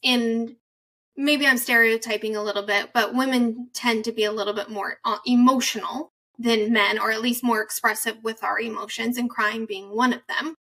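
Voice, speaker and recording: Bright-voiced woman podcast host, off-mic. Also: on the high side, fairly even intonation, normal speed, distant mic, rough recording. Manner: warm-toned, affirming, frequent "mm-hmm". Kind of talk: conversational interview.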